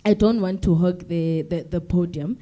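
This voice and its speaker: A teenage South African student whose first language is Zulu, giving a polite, hesitant address to a forum with many pauses. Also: female voice, fairly low pitch, steady tone, mellow. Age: teens. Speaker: student representative.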